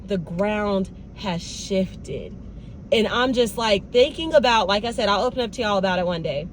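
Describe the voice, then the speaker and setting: This is a young woman speaking, vlogging in a casual, animated way and addressing her audience directly. Her voice sits at a middling pitch for a woman. A faint noise runs under the recording. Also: fast talker. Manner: animated, talks straight to viewers with "y'all" and "baby". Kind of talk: casual vlog talk.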